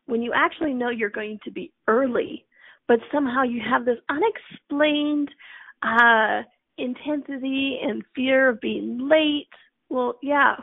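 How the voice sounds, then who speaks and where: A woman's voice: on the high side, vocal fry, breathy edge, no room sound. A middle-aged woman hosting a casual self-help talk, chatty and laughing often as she acts out inner voices. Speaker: host. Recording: tinny phone-like audio.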